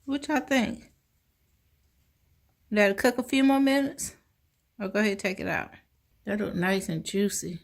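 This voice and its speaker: A woman's voice: medium pitch, normal speed, vocal fry, long pauses. A woman hosting a casual cooking vlog, chatting to viewers as y'all and tasting food on mic. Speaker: cooking channel host.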